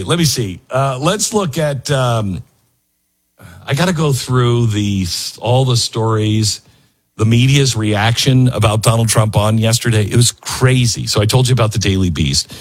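A man's voice: medium pitch, husky. A man hosting a talk radio show, rambling and self-mocking as he reads ads and riffs on news stories. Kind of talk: talk radio monologue with host-read ads.

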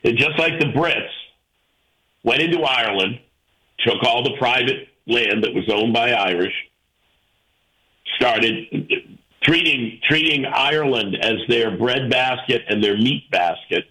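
Slow, forceful male radio host. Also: mid-range voice, rough recording. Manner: emphatic, argumentative, rhetorical questions. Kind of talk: call-in radio opinion talk.

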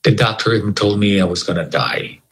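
A man giving an earnest personal testimony in an interview, quoting scripture and rising in pitch when moved. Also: expressive, fairly quick, a bit bright, rough recording. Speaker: interview guest.

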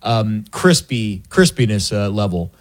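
A man's voice: on the low side, big pitch swings, unhurried. A man co-hosting a casual sports show, rambling with hesitant restarts and playful comparisons. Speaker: sports talk co-host.

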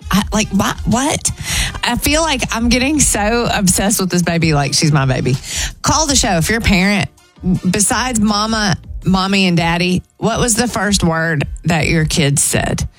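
A woman's voice: medium pitch, expressive, normal speed, faint music behind. A woman hosting a radio show, chatting emotionally and gushing about her family. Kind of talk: casual radio chat.

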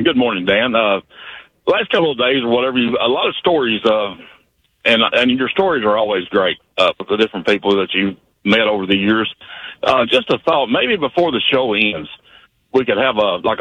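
A man calling in to a radio show, speaking haltingly with many filler pauses. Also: medium pitch, fairly bright tone, no room sound. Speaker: caller. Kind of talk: call-in radio talk. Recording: dull phone line.

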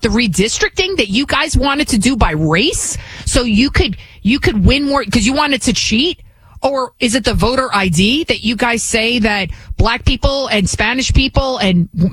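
A woman host gives opinionated political commentary, firing off rhetorical questions and restarting her sentences often. Her pitch jumps up and down with energy. The sound is dry and close, with no room to it. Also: normal speed, slightly rough, no echo. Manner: animated, fires rhetorical questions, frequent restarts.

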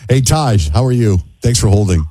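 A man hosting a call-in radio show, brisk and joking with his callers. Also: lowish voice, animated, mellow, slightly rough, dry recording. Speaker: radio host.

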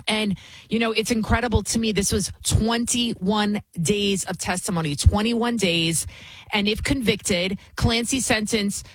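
A woman's voice: mid-range voice, steady tone, measured pace, breathy edge, no room sound, rough recording. A middle-aged woman hosting a talk show, giving indignant, emphatic commentary and repeating words for emphasis. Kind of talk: opinionated commentary.

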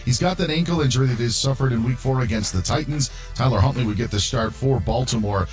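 A man reading a scripted sports news update as anchor, brisk and steady. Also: mid-range voice, faint music behind. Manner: brisk newsreader delivery.

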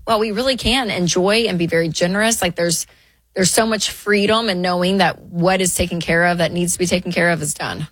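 A woman co-hosts a call-in advice show in a lower, dry studio voice. She talks in a plain, encouraging way. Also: fairly even intonation, brisk, no room sound. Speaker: radio show co-host.

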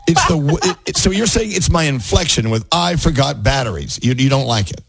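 A middle-aged man hosts a radio talk show with casual, animated banter. His voice has a lively, swinging pitch and a faintly husky edge. It sounds close and dry, with little room around it. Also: quick pace, dry recording, soft background music. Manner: animated, laughs often, talks with restarts.

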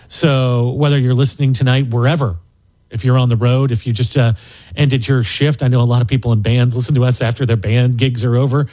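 A man hosting a late-night radio talk show, opening it with a smooth, measured broadcast delivery. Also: medium pitch, darkish tone, faint music behind, poor audio.

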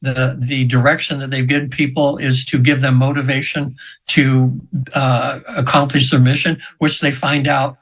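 Husky-voiced man in his seventies. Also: medium pitch, level tone, moderate pace, fairly bright tone, low-quality recording. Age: 70s. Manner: rambling, many fillers and restarts, acts out quoted voices. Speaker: guest hypnotherapist. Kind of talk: casual storytelling in an interview.

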